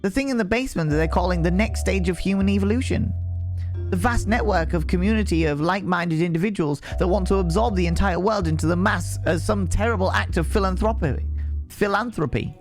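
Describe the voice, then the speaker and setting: A man voicing an anxious, shaken young woman in a narrative game, in a high strained voice. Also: fairly quick, faint music behind, lightly acted. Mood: bitter distress. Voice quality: high falsetto-like voice.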